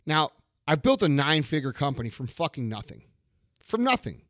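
A middle-aged man rants on his podcast in a blunt, profane way, hammering his points by saying them twice. His voice sits a little high for a man. The sound is dry and close, with no room in it. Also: big pitch swings, fairly quick, no room sound. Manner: blunt, profane, forceful, repeats lines for emphasis. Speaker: podcast host. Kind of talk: profane motivational rant.

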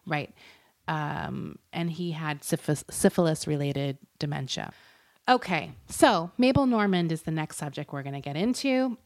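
A woman's voice: sits low, lively intonation, unhurried. A woman co-hosting a casual podcast, telling a true crime story with lots of fillers, laughs and the odd swear. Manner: chatty and giggly, swears, uses lots of fillers. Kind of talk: casual chat.

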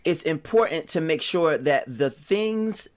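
Casting note: host in a casual group chat, mid pitch, thoughtful and measured. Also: lively intonation.

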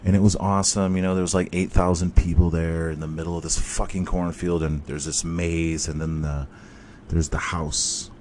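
A man hosting a podcast, telling a long story in casual, rambling talk full of swearing and excited bursts. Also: low voice, normal speed, a little hiss or hum. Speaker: podcast host.

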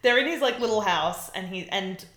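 A woman's voice: medium pitch, moderate pace, a bit bright, roomy sound. A woman co-hosting a podcast, casually recapping a TV episode, laughing often and swearing freely. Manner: laughs often, swears, acts out characters in quotes. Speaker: podcast co-host.

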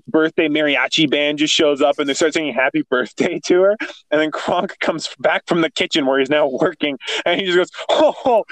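A man's voice: medium pitch, dry recording, rough recording. Giggly man rambling about a film. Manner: giggly, loose storytelling with many fillers. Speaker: podcast co-host. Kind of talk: casual chat about a film.

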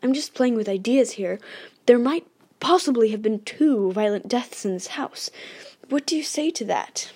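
Woman doing a keen young ghost-hunter guy, rambling on all excited, bit gravelly. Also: a little high, normal speed. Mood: eager. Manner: rambling, excitable, thinking aloud. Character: eager young male ghost-hunter, chatty and distracted.

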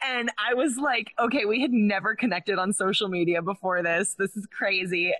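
A woman's voice: medium pitch, moderate pace, few pauses, fairly bright tone. A young woman, a stand-up comedian, telling a personal story in a casual chat and filling her speech with "like". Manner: chatty, fills speech with "like".

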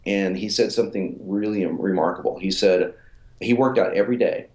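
Deep-voiced man in his forties, rambling. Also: normal speed, a little mellow, echoey room. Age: 40s. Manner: rambling, repeats words, lots of fillers. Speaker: fitness author and coach. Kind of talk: casual interview storytelling.

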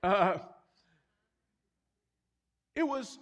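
A man's voice: high-pitched, expressive, moderate pace, fairly bright tone. A man preaching a sermon as pastor, in a conversational, confessional storytelling manner with self-deprecating humor. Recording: reverberant hall.

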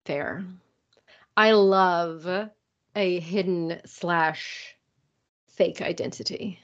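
A woman's voice: fairly low pitch, fairly even intonation, extremely slow. A woman with an easygoing, conversational voice chats about a romance novel with her co-host and laughs often. The sound is a little muffled and dull. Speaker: podcast co-host. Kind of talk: casual book-review chat.

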